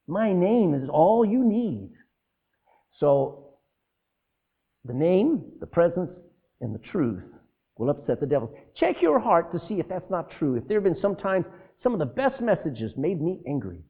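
A man preaching a sermon, animated, asking the congregation rhetorical questions and breaking into asides. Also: a little high, normal speed, husky. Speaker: pastor. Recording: tinny phone-like lo-fi sound.

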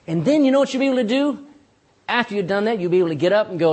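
A man's voice: high-pitched, big pitch swings, fast, darkish tone. A pastor preaching a sermon in church, folksy and emphatic, talking straight to his congregation.

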